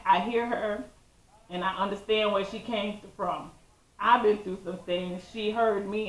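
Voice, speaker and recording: A woman co-hosting a couple's channel, talking through a relationship Q&A in an easygoing, rambling way that circles back on itself. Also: medium pitch. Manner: easygoing, rambling, repeats phrases. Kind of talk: casual relationship chat. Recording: roomy echo.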